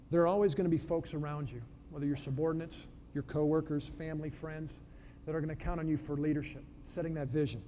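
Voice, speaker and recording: A man's voice: fairly high pitch, warm tone. Emphatic man telling a fable in a hall. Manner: storytelling, punchy emphatic delivery. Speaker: speaker on leadership. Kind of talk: motivational talk with fable. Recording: long hall reverb, faint background noise.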